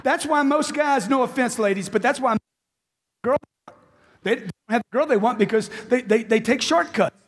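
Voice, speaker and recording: A man's voice: very high-pitched, moderate pace, long pauses, slight background noise. A man giving a live motivational seminar talk into a handheld mic, emphatic and firing off rhetorical questions. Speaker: motivational speaker.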